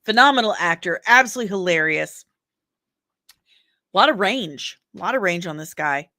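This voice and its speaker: A woman's voice: lowish voice, expressive, moderate pace, bright, forceful tone, dry recording, clean studio sound. A woman hosting a casual entertainment news show, chatty and rambling with jokey asides. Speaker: host.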